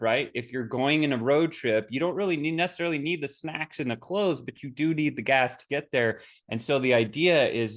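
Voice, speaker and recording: A man presenting a motivational business webinar, telling stories in a casual, upbeat way with energetic asides. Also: medium pitch. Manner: energetic storytelling with acted quotes; casual, upbeat, repeats words.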